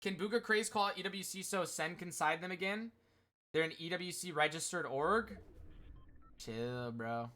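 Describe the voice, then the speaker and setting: Bright, rambling male streamer. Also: sits high, moderate pace. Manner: rambling, many "like" fillers, talks to chat. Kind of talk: casual livestream chat commentary.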